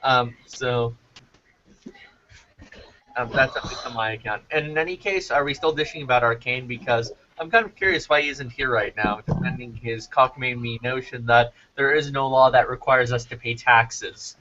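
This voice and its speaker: A Canadian man with a bright, forceful voice, joining a casual group video chat. He teases the others wryly, and his audio comes through a dull, lo-fi call line. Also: medium pitch, moderate pace. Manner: wry, teasing.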